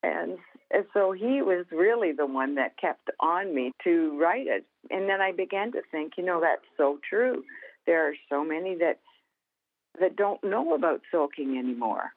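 A woman, a guest author and minister, telling stories in a folksy, animated way during a Christian interview. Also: on the low side, normal speed. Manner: animated storyteller, folksy, laughs easily. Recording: tinny phone-like sound.

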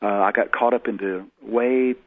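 A man's voice: on the low side, steady tone, moderate pace. A man, a guest in an interview, telling personal stories in a folksy way and acting out the voices he quotes. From Texas. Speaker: guest prophet. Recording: tinny phone-like lo-fi sound.

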